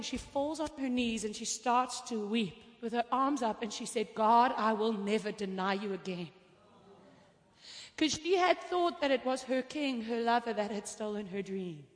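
A woman preacher telling testimonies in an animated, storytelling way, acting out the voices of the people in her stories. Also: fairly high pitch. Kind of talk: sermon testimony. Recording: long hall reverb.

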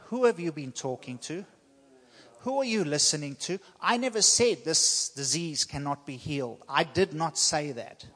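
A man preaching a sermon to his congregation, emphatic and repetitive, with slow dramatic pauses. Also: a little high, animated, fairly bright tone. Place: church hall. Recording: long church hall reverb.

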